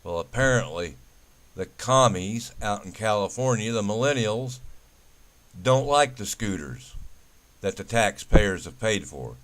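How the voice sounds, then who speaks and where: A man's voice: lowish voice, expressive, a little slow, fairly bright tone. A man delivering a ranting commentary, hammering home lists of words with emphasis.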